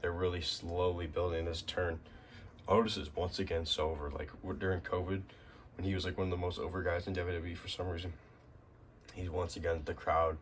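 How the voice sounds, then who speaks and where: Low, level-toned male host for a loose, rambling weekly recap. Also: flat delivery, a little fast, slight background noise. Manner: rambling, many fillers and restarts. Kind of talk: casual spoken recap.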